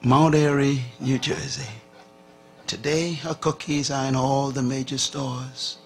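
A man preaching a sermon, telling a story with lively acted-out dialogue and sudden drops from loud to hushed. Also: medium pitch, slow pace, faint music behind. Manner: animated, acts out dialogue, swings from loud to hushed.

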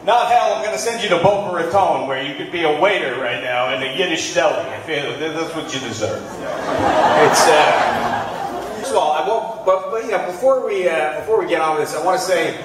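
High-voiced comedian in an echoey room. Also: male voice, normal speed, crowd noise. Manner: animated, jumps into loud put-on outbursts. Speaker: stand-up comedian. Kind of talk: live stand-up set. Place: comedy stage before an audience. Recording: echoey room, mic from far off.

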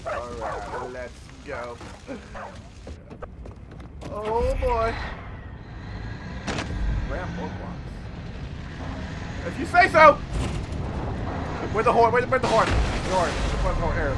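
A man giving loud, excitable let's-play commentary, swearing and laughing constantly. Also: sits high, slow, pauses often, very noisy. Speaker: gameplay video host.

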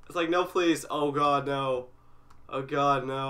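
Slow, sharp-toned, jumpy horror gamer. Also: mid-range voice. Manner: jumpy and panicky, repeats words in fear; swears and pleads at the screen. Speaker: gamer playing a horror game. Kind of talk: let's-play commentary.

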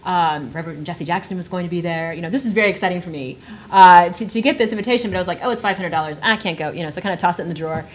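A writer in her thirties from South Texas tells a story on an auditorium panel, speaking very fast in a lower voice. She's animated, laughs a lot and performs the voices of the people she quotes.

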